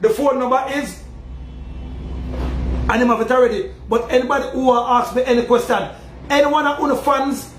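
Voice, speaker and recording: A Jamaican man with a strikingly high voice holds forth in a preachy, rambling rant, calling out to his listeners again and again. His voice rings around a roomy, echoey space with a faint hiss underneath. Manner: preachy, repetitive, calls out "people" often. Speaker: self-styled community leader addressing fans. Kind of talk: animated street-style rant.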